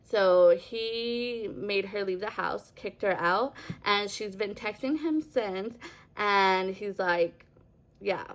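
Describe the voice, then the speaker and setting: A woman in a casual storytelling vlog, recounting events in a chatty, rambling way. Her voice sits at an ordinary middle pitch, and she leans on filler words as she goes. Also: slow. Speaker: vlogger.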